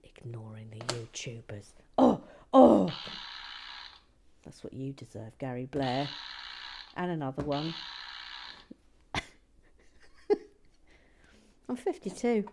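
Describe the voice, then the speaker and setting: Low, slow-talking woman, half-whispered. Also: sing-song, creaky, slight background noise. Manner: chatty and self-mocking, often dropping to a hushed whisper; stumbles and restarts on words. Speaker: host of a brick-building channel. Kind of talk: casual chat while building.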